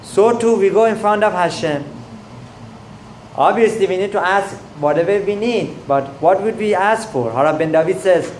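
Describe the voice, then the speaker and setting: Halting man preaching, echoey room. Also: high voice, animated, a little mellow, a little hiss or hum. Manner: halting, many fillers and restarts. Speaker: rabbi. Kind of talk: sermon storytelling.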